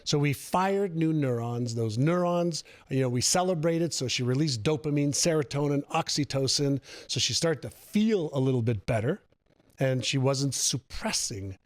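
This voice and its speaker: A man guest on an interview show, telling a personal story in an animated way and repeating phrases for emphasis. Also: mid-range voice, normal speed, no room sound. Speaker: guest author on personal growth.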